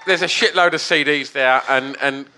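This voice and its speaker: A man co-hosting a live podcast on stage while drunk, loud, sweary and rambling. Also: fairly high pitch, normal speed, background noise. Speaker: podcast co-host. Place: live stage before an audience.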